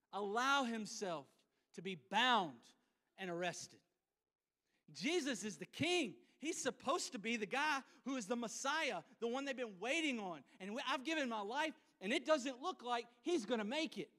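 High bright-voiced preacher in a reverberant church. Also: male voice, lively intonation, a little slow. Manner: acts out scenes with volunteers, shifting between loud and hushed. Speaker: pastor. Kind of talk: sermon. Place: church sanctuary. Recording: church hall with long reverb.

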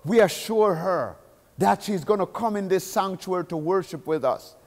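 A man preaching a sermon with urgency, swinging between soft asides and loud declaiming, in a church sanctuary. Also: high voice, lively intonation, moderate pace, big-room sound.

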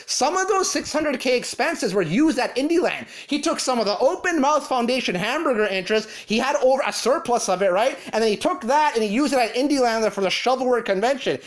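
A man's voice: very high-pitched, expressive, brisk, hardly any pauses. A man delivering an angry, profane rant full of mocking insults. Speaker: commentary ranter.

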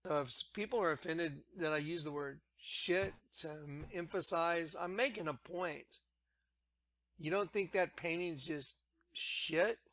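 A man's voice: a little high, fairly bright tone, dry recording. A man preaching a fiery sermon, crude and emphatic, pressing his points hard. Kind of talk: impassioned sermon clip.

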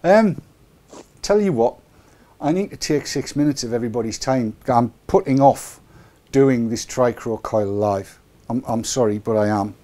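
A man's voice: medium pitch, normal speed, warm tone. A middle-aged man hosting a casual live webcast, joking and rambling with chuckling asides. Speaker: show host.

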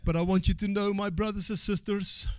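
High-voiced preaching man, shouting and hushing. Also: flat delivery, brisk, smooth, dry recording. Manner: swings from quiet asides to shouted call-and-response exhortation; repeats phrases and calls for amens. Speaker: pastor. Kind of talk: sermon.

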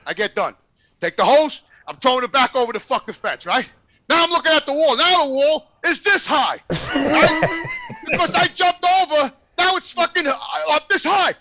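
A middle-aged man telling a profane story, animated and swearing constantly. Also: extremely high pitch, moderate pace. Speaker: podcast guest telling a story. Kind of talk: profane storytelling, casual chat.

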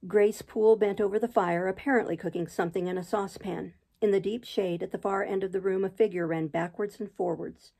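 A woman reads a classic novel aloud in a plain, homespun way. Her voice has a noticeable creak and fry running through it. Now and then she trips over a phrase and starts it again. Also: medium pitch, fairly even intonation, fairly quick, few pauses, dark tone. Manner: unpolished reading with occasional restarts. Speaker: audiobook reader.

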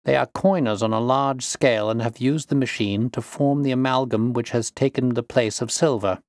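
Storybook detective, calm and assured, deliberate delivery, voiced by a man. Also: mid-range voice, no echo, studio quality, close to an everyday voice. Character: calm, confident male detective.

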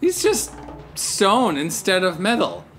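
A man co-hosting a let's-play video, excitable and profane, often exclaiming as he plays. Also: high voice, slow pace, faint music behind. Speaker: co-host gamer. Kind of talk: casual let's-play banter.

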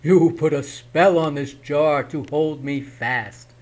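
A man voicing a big, fat, greedy male goblin who talks in a low, whiny way. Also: takes it slowly. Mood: whining.

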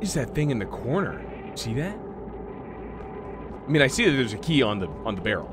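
A young man streaming a horror game, muttering to himself and yelling in fright. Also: mid-range voice, very animated, normal speed, background noise. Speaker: gaming streamer. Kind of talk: horror game playthrough commentary.

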